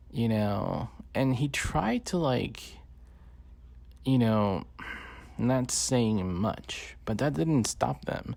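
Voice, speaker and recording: A man's voice: mid-range voice, slow pace, creaky, a little mellow, no room sound. A man giving casual, rambling commentary full of swearing and fillers. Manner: profane, rambling, many fillers. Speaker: podcast host. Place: lives in the Bay Area.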